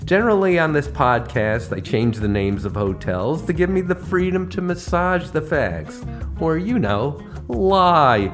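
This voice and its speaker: A man's voice: on the high side, big pitch swings, unhurried, faint music behind. A man hosting a podcast, telling comic travel stories with a wry, punchline-driven delivery. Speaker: podcast host. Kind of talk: comedic travel storytelling.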